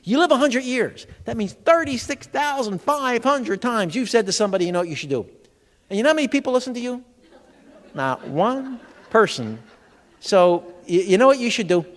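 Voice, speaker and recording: Lively high-voiced man joking on stage. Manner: jokey, quizzes the audience with rapid questions. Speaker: comedic health educator. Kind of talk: stand-up style seminar talk. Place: large expo hall. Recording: long hall reverb from a live venue.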